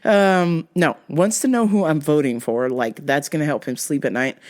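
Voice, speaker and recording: A woman's voice: deep voice, moderate pace, a little mellow. A woman hosting a podcast, telling a story in a blunt, profane, exasperated rant. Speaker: podcast host.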